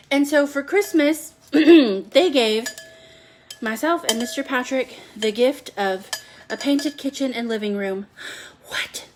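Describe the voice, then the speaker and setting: A woman hosting a chatty live cooking stream from her home kitchen, rambling and talking to viewers by name. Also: fairly high pitch. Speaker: home cooking livestream host.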